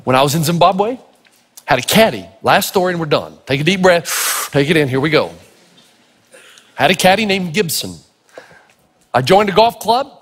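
A man preaching a sermon full of stories, animated and acting out the voices of the people in them, with a husky voice. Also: on the high side, normal speed, long pauses. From Tennessee. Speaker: pastor. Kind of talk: storytelling sermon. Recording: long reverb of a large hall.

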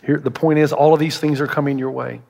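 A man's voice: fairly high pitch, level tone, quick pace, vocal fry, darkish tone. A man preaching a sermon as a pastor, telling stories and acting out the voices of the people he quotes. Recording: reverberant hall.

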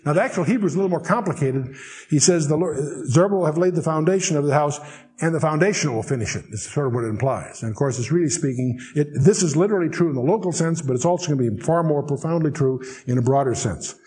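A man's voice: a little high, animated, darkish tone. Wry man teaching scripture. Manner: reads scripture slowly and solemnly, then explains in a chatty, wry aside. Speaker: Bible teacher. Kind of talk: verse-by-verse Bible teaching.

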